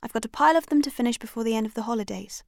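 Woman doing a determined young student, brisk, businesslike, storybook, dry sound. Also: on the high side, vocal fry, no room sound. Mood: matter-of-fact.

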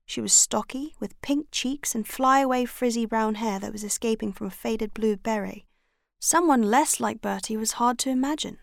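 A woman narrating a story, first-person audiobook reading with expressive delivery. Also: on the high side, moderate pace, gravelly, no echo, clean studio sound. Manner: expressive, voices each character. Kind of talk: scripted narration.

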